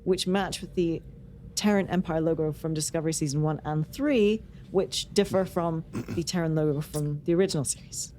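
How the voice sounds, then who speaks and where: A woman's voice: low-pitched, normal speed, warm tone, slight background noise. A woman co-hosting a podcast in casual chat, talking in a chatty, rambling way with lots of "like.". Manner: chatty, rambling, with many likes. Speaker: podcast co-host.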